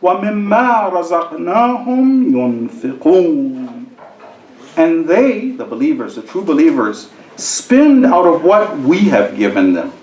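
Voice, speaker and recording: A man's voice: on the high side, wildly swooping pitch, measured pace, hardly any pauses, darkish tone, lo-fi sound. A man giving a sermon to a congregation, quoting verses and telling a funny story with acted-out voices. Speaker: sheikh giving a talk. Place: mosque hall with an audience. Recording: echoey hall.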